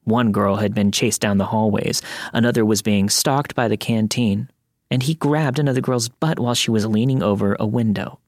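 A man narrating a listener's true creepy story in the first person, with a measured, steady storytelling delivery. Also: on the low side, no room sound, clean studio sound. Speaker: podcast narrator reading listener stories.

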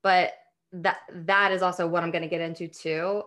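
A woman's voice: on the low side, level tone, normal speed, a bit bright. Rambling young woman telling a story. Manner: rambling, laughs often, many restarts. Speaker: podcast guest. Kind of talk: casual chat, storytelling.

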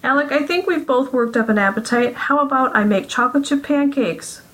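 A woman puts on a lovesick wife whose voice climbs high and bright as panic takes over. She pleads in quick, rising bursts and reaches higher than a plain reading voice would. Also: low-quality recording. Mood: cheerful. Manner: pleading, talking faster and faster. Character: frantic, lovesick woman searching for her husband.

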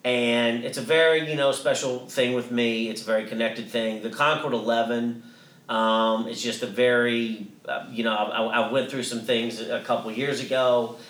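A man's voice: mid-range voice, steady tone, moderate pace, a bit bright, echoey room, distant mic. A man co-hosting a podcast, telling a story in a casual, rambling way with many restarts and some swearing. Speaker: podcast co-host.

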